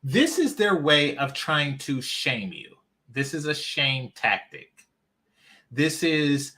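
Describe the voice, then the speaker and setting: Man, reaction commentary host, bright tone, emphatic, mocking. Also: a little high, measured pace. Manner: animated, mocking, emphatic, repeats himself.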